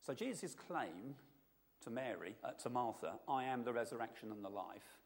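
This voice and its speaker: Gravelly-voiced man preaching in a hall. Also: medium pitch, animated, normal speed. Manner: conversational, asks the audience often. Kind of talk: informal sermon.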